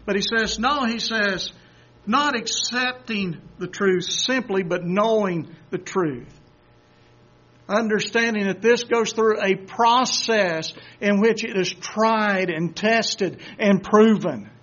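A man preaching a sermon who swings from quiet, low asides to loud, excited exhortation, acting out quoted voices and chuckling between points. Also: slow. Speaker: pastor. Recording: dull lo-fi recording.

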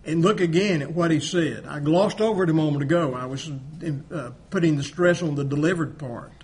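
Emphatic high-voiced male preacher. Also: moderate pace, darkish tone, slightly rough. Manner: emphatic, rising and dropping volume, rhetorical questions. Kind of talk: sermon.

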